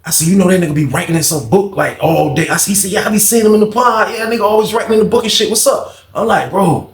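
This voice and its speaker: A man's voice: sits high, fast talker, reverberant. A man telling a storytime tale in casual slang, acting out each person's lines with shifting voices. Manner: animated, acts out dialogue with shifting voices, heavy slang and profanity. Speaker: storytelling channel host.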